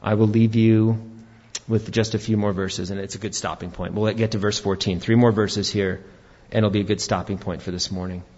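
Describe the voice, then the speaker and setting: A pastor preaching an animated sermon, rising to shouts for emphasis. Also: male voice, on the low side, fairly quick, dull audio.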